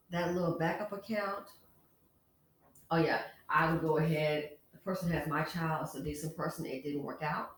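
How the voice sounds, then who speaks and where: A woman hosts a casual commentary vlog in a fairly low voice. She talks frankly and chattily, speaking straight to the women watching. Her voice rings in a roomy, echoey space. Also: fairly even intonation, a little slow, a little hiss or hum. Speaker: channel host. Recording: echoey room.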